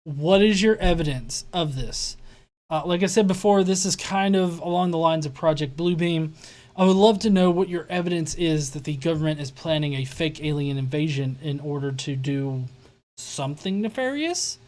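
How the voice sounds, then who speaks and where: A woman's voice: sits low, moderate pace, a little mellow. A woman hosting a live reaction show, commenting in a sarcastic, incredulous way with swearing. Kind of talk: mocking live-stream commentary.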